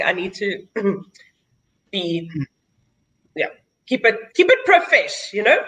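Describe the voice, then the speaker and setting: Slow, bright South African woman host. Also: medium pitch, big pitch swings, poor audio. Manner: chatty, laughs often. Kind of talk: casual chat on a video call.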